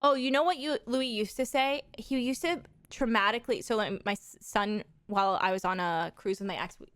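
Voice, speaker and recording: Chatty young mother, animated and dry. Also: on the high side, brisk, no room sound. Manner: animated storytelling with frequent swearing and laughter. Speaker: livestreamer. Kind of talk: casual chat with viewers.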